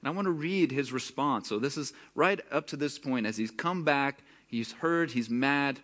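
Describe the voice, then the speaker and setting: A man's voice: mid-range voice, moderate pace, a bit bright. A young man preaching a conversational sermon, sometimes acting out the voices of the people in the story. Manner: conversational, acts out characters' voices. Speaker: pastor.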